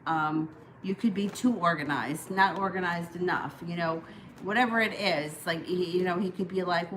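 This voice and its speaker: A woman's voice: on the low side, moderate pace, noisy background. A woman giving live-streamed tarot readings, talking in a chatty, reassuring way with plenty of ums and you-knows. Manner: chatty, reassuring advice with many fillers. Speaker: tarot reader.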